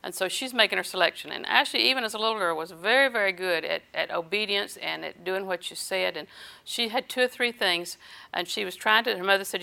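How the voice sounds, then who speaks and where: A woman's voice: mid-range voice, a little fast, gravelly, pushed and bright. An older woman preaching a sermon, telling homespun personal stories and chuckling between them.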